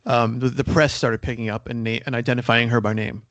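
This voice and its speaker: A man's voice: mid-range voice, steady tone, brisk, fairly bright tone, dry recording. Rambling man, dry podcast mic. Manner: rambling, repeats words when starting sentences. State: coughing now and then. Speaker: podcast co-host. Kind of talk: casual podcast discussion.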